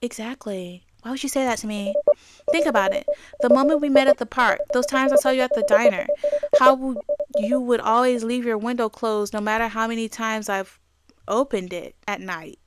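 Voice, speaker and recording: A woman voicing an obsessed male stalker boyfriend from a game, talking quietly, gently and unsettlingly. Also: fairly high pitch, moderate pace, slight background noise, natural voice. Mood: eerie calm.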